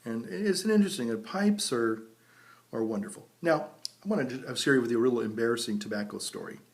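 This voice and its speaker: A man's voice: medium pitch, lively intonation, fairly quick. A man, a priest telling rambling folksy stories in a casual vlog, recorded outdoors by a vineyard. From United States. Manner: folksy and rambling, chuckles at his own stories. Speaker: priest and pipe vlogger.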